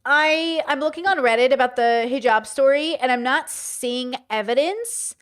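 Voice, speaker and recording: A woman's voice: high-pitched, moderate pace, no echo, clean studio sound. A woman from California with a Californian accent, co-hosting a casual podcast. She chats freely and peppers her speech with "bro" and "like". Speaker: podcast co-host.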